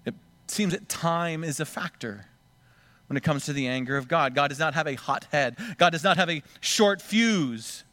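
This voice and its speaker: A man's voice: fairly high pitch, normal speed, pushed and bright, no echo. A man preaching a sermon, acting out the scripture voices dramatically. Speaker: pastor.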